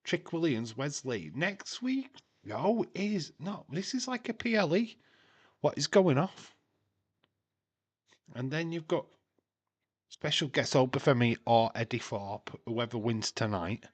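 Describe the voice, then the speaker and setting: Slow-talking man joking through a stream. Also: medium pitch, very animated, slightly rough. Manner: chatty and jokey, laughing at his own puns. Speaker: livestream host. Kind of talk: casual watch-along commentary.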